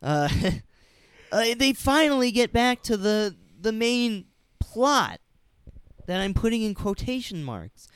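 A man's voice: sits high, very animated, takes it slowly, smooth, no echo. A man co-hosting a casual movie review podcast, critical and wry, unimpressed by the film. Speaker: podcast co-host.

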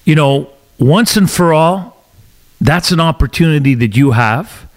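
A man's voice: a little high, lively intonation, unhurried. Blunt, combative podcast host man. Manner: blunt, combative, talks with his hands in asides. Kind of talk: opinionated political rant.

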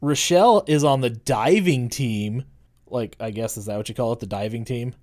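A man's voice: medium pitch, moderate pace, a little mellow. A man casually recapping a film scene by scene, swearing freely and joking. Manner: profane, joking, retelling scenes with quoted voices. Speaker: podcast co-host. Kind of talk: casual movie recap chat.

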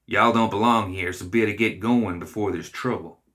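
Storybook gremlin guard read by a man: low, bright-edged snarl, folksy drawl, hostile. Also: fairly even intonation, normal speed, lightly acted. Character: vicious scrawny male gremlin guard.

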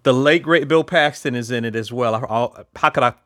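A man's voice: medium pitch, brisk, sharp tone, no room sound, clean studio sound. A man casually chatting as a podcast host, rambling with lots of fillers and restarts. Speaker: podcast host reviewing films. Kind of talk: casual chat.

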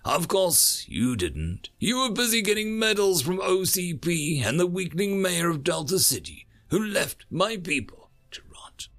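A man's voice: high voice, sing-song, a little slow, hardly any pauses, fairly bright tone, voice pushed up, heavily acted. A man voicing a vengeful male cyborg soldier who snarls his lines in a cold, menacing way. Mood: snarling.

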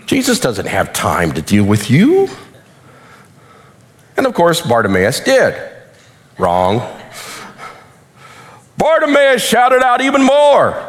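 A man preaching a sermon with animated delivery, acting out quotes, while losing his voice. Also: high-pitched, slow, long pauses. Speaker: pastor.

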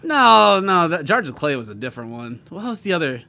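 A man's voice: a little high, big pitch swings, brisk, vocal fry, bright, forceful tone. A man co-hosting a podcast, telling a story in casual chat, rambling with many fillers and restarts. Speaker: podcast co-host.

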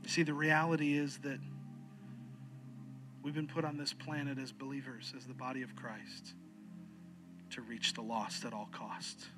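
A pastor preaching an earnest sermon, slowing and dropping low to press his points. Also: little pitch movement, music in the background.

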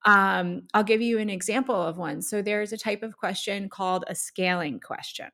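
A woman coach co-hosting a podcast, explaining her craft in a casual, animated way with frequent laughs and everyday examples. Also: mid-range voice, normal speed. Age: adult.

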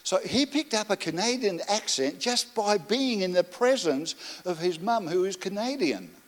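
A middle-aged man preaching a sermon as pastor, building rhythmic lists and telling stories in a gentle, reflective way. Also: high-pitched, animated, moderate pace. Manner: storytelling, rhythmic lists, soft reflective asides.

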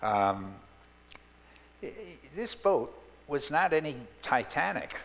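A man preaching a sermon, reading scripture and explaining it expressively, then praying softly. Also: on the high side, takes it slowly, gravelly. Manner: expressive, shifts from loud emphasis to soft prayer. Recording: reverberant hall, faint hum.

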